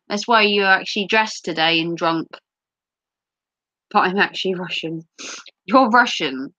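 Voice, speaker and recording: Streaming from home, this middle-aged host giggles and teases her audience as she reads their comments aloud, her voice slightly sore. She speaks low and bright with a forceful edge. The recording is lo-fi and dry, with no room sound.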